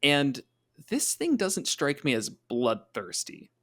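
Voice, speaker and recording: A podcast co-host discussing tabletop monsters chats casually about game design, thinking out loud and acting out quick voices for his players. His voice rests at an ordinary middle pitch yet swoops wildly. He comes across as thoughtful and chatty.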